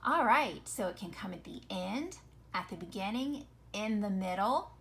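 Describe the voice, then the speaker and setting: A woman's voice: mid-range voice, lively intonation, normal speed, gravelly, fairly bright tone. A woman teaching a phonics lesson to children, patiently sounding out example words and asking questions.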